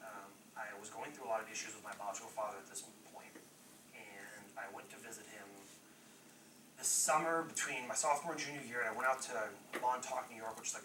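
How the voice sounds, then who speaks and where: Young man telling his story in an echoey church. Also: fairly low pitch. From Massachusetts. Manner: rambling, self-correcting, apologetic. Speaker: youth speaker. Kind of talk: personal testimony in church. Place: church hall. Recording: echoey hall, distant mic, noisy.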